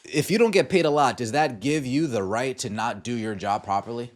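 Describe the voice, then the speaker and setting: A man's voice: mid-range voice, brisk. A man hosting a sports podcast, ranting in exasperated commentary over game clips and firing off repeated rhetorical questions. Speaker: podcast host.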